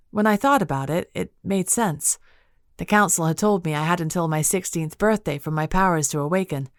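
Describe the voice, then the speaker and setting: A woman narrating a fantasy audiobook in the first person, in a steady, measured storytelling manner from a studio booth. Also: deep voice, no echo.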